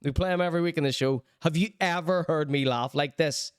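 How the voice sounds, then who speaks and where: A man's voice: fairly high pitch, fairly quick, clean tone, dry recording, studio quality. A man hosting a podcast, chatting casually and laughing often while he comments on clips. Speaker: podcast host.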